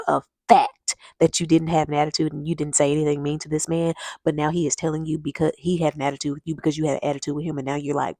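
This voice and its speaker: A woman's voice: deep voice, darkish tone, no echo. A woman talking straight to her viewers in a chatty, emphatic way, urging them to act and telling stories along the way. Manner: chatty storytelling, addresses viewers as y'all. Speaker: vlogger. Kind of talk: casual advice talk to camera.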